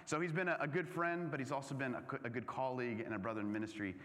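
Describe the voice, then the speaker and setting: A man, a pastor, introducing a guest priest to his congregation in a quick, friendly way. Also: mid-range voice, steady tone, fairly bright tone. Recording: long reverb from a church hall.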